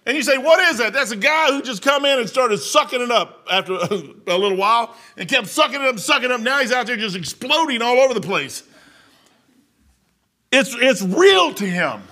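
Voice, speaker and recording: A middle-aged man preaching a sermon in a folksy, storytelling way, dropping to quiet asides and rising to loud exhortation. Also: extremely high pitch, lively intonation, brisk. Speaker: pastor.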